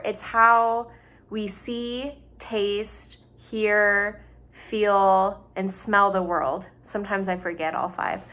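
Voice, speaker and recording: A young woman speaking from her home, talking patiently to children and families. Her voice sits at an ordinary middle pitch, and she keeps her words simple and her examples everyday. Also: a bit bright. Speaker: doctoral student in psychology. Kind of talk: gentle explanatory talk for families.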